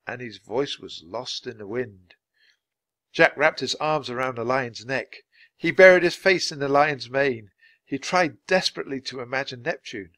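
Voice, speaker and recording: A man reading a children's adventure book aloud, clear and steady for language learners. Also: medium pitch, dry recording. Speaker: storybook reader.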